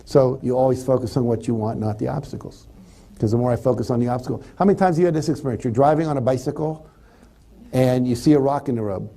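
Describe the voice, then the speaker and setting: A man's voice: medium pitch, quick pace, creaky. A man giving a live motivational seminar, talking to the audience and acting out the thoughts people have. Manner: animated, acts out quoted thoughts. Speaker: motivational speaker.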